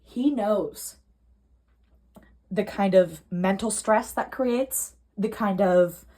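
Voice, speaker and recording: A young adult woman giving a pick-a-card tarot reading at home, earnest and emotional, swinging from soft to heated. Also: mid-range voice, slow. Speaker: tarot reader. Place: home room.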